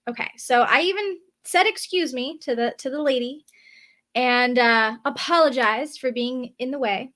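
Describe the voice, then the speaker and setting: A woman vlogger talking casually to camera from her desk, often checking in with a quick "right?". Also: high voice, fairly bright tone. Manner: chatty, often tags on "right?". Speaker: spiritual vlogger. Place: indoors at a desk.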